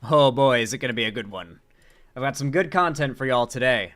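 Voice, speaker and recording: A man hosting a live political commentary stream, reading chat aloud in an animated, joking way and swearing casually. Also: medium pitch, fairly quick.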